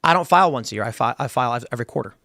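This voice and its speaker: Fast-talking argumentative man host. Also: mid-range voice, lively intonation, creaky, sharp tone, no echo, studio quality. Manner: argumentative, fast, mock-quotes people in asides. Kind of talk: casual chat, reading viewer comments.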